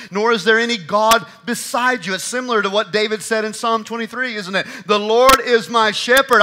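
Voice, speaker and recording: A man preaching a sermon from the pulpit, his voice pitched high and bright. He drives points home with loud bursts, then sinks to hushed, quiet lines. It is the steady, emphatic cadence of a church pastor. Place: church sanctuary.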